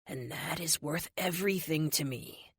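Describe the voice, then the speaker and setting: A woman voicing a gentle, reassuring young man in an audiobook. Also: medium pitch, sing-song, moderate pace, no echo, studio quality. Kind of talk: audiobook character voice.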